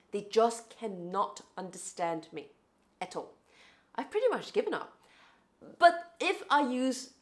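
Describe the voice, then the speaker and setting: A young adult woman vlogging to camera in a casual, reflective way, often restarting and repeating words. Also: mid-range voice.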